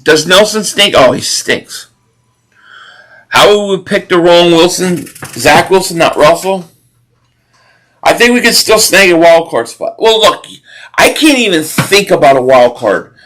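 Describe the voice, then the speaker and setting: Male stream host, casual and opinionated sports talk, high and bright timbre. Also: unhurried. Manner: opinionated, animated sports rant with repeated restarts. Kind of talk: casual live stream chat, reading super chats.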